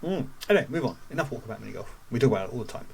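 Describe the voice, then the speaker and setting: A man's voice: medium pitch, animated, racing, vocal fry, a little mellow, breathy edge. A man hosting a podcast, talking in a rambling, chatty way full of restarts. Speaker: podcast host. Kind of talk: casual chat.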